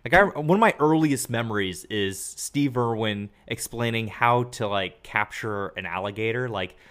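A man's voice: medium pitch, moderate pace, fairly bright tone. A man in his late twenties hosting a casual podcast chat, joking and asking leading questions. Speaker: podcast host.

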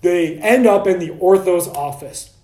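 A man ranting on a solo podcast, heated and profane, mocking other practitioners in quick asides. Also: sits high, mellow, roomy sound.

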